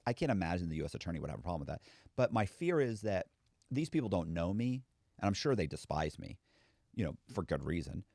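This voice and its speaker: A man's voice: sits low, very animated, quick pace, creaky, darkish tone, no room sound, clean studio sound. A man, a former con man, talking candidly in a casual podcast conversation and acting out quoted voices.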